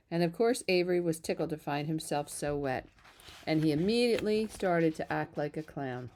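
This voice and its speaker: A woman reads a children's novel aloud at a steady pace, slipping on a word now and then. Her voice is slightly low. She narrates evenly. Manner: steady, even narration with small slips. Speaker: reader. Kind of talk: storybook read-aloud.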